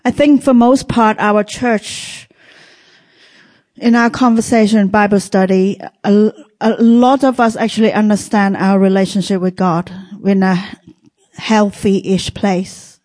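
A woman pastor leading a prayer and talking to her church in a soft, earnest way, with phrasing. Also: mid-range voice, fairly even intonation, a little slow. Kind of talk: prayer and sermon.

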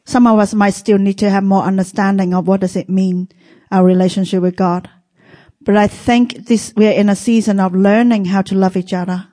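A woman pastor leading a prayer and talking to her church in a soft, earnest way, with phrasing. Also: medium pitch. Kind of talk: prayer and sermon.

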